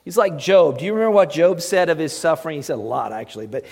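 A man's voice: fairly high pitch, fast, vocal fry, a little mellow, husky, big-room sound. A male pastor preaching a sermon in a conversational way, often putting rhetorical questions to his listeners.

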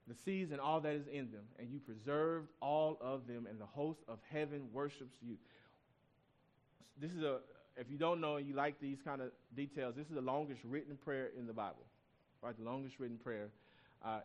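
A man in his thirties preaching a sermon in a church, telling a personal story in a loose, conversational way and climbing up in pitch whenever he presses a point. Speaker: pastor.

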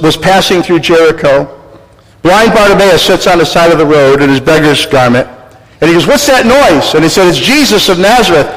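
A man preaching a sermon as pastor, animated, acting out voices and crying out for emphasis. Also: fairly high pitch. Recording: long hall reverb.

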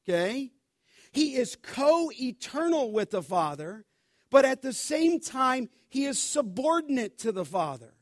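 A man preaching an expository sermon, emphatic, slowing down to stress each scripture quote and calling listeners "beloved". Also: very high-pitched, dry recording, studio quality. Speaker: pastor.

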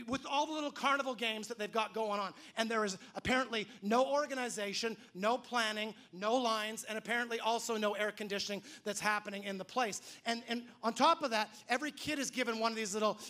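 A man preaching a sermon as pastor, telling animated stories and acting out the voices of the people he quotes. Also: high voice, fairly quick, few pauses.

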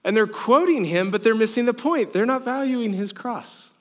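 A man's voice: very high-pitched, lively intonation, moderate pace, a bit bright. A young man preaching a sermon in an earnest, conversational way, with casual fillers. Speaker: pastor.

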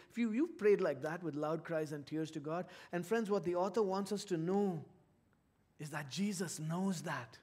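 High-voiced man preaching earnestly. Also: normal speed. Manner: earnest preaching, swings from loud emphasis to hushed low tones. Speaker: pastor. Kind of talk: sermon.

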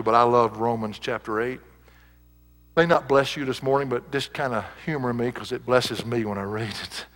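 A man's voice: mid-range voice, big-room sound. A male pastor preaching a sermon, reading scripture aloud and building to emphatic peaks.

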